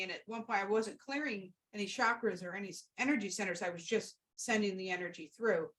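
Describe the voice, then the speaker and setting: A woman Reiki practitioner tells stories and answers listener questions, her voice sitting at a middle pitch. She talks casually and heartfelt, looping back on herself with fillers and restarts as she goes. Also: brisk, few pauses, a bit bright, poor audio. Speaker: Reiki practitioner and podcast host. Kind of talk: casual storytelling and Q&A.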